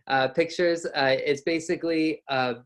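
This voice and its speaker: A young man with an American accent leads an online lesson on pronunciation. He talks in a relaxed, explanatory way and sounds out each example himself. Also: a little high, a little slow. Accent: General American. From North America. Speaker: pronunciation teacher.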